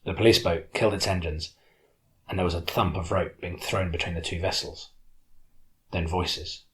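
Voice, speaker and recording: A man narrating an audiobook in the first person with steady storytelling. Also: sits low, moderate pace, slight background noise.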